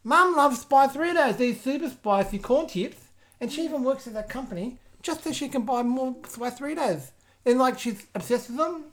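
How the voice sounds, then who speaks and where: A woman's voice: sits high, animated, moderate pace. A woman voicing a boastful, mischievous eight-year-old boy who hosts a comedy podcast. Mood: bratty. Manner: bratty and boastful, giggly, loud outbursts. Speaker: podcast host. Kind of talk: comedic improvised character podcast.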